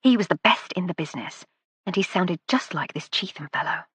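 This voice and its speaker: A woman reading a first-person novel aloud with a wry, measured delivery. Her voice sits low and carries a husky, breathy grain. The sound is dry and close, with no room around it. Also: lively intonation, a bit bright, no echo. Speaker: audiobook narrator.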